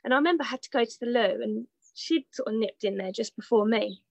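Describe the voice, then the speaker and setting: A woman's voice: a little high, fast talker, vocal fry, no echo, dull audio. A woman, telling stories in a casual interview as a guest, with many fillers and frequent laughter. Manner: chatty storyteller with fillers, laughs often. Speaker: guest, horse rider. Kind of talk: casual anecdotal chat.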